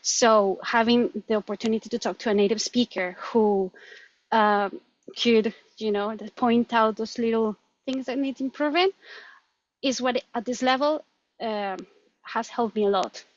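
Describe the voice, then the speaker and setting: Woman, Colombian accent, Spanish native speaker, animated interview chat, slightly high pitch, dull lo-fi sound. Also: unhurried, no room sound. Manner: animated, laughs often, restarts words. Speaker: guest. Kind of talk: conversational interview.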